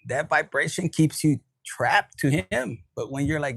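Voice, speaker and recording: Tarot reader, male, somewhat high, husky, dry close sound, casual and profane. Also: animated, a little slow, fairly bright tone, dry recording, low-quality recording. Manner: casual, profane, mixes in Spanish words. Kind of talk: spiritual reading monologue.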